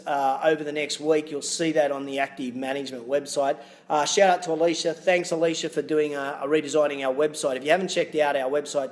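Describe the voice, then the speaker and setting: An Australian man hosting his own video podcast as a fitness business coach, talking to camera in an upbeat, energetic, motivational way with punchy asides. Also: fairly high pitch.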